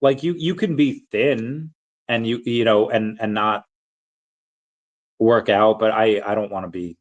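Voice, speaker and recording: Speaking unhurriedly in a fairly low voice, a man hangs out on a livestream and answers chat questions. He rambles, breaks off mid-thought, and chuckles frequently, and the audio is muffled.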